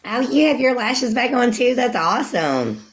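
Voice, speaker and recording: A woman's voice: fairly high pitch, big pitch swings, normal speed. A woman in her forties chatting casually with livestream viewers, rambling, calling them sweetie and laughing often. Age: 40s.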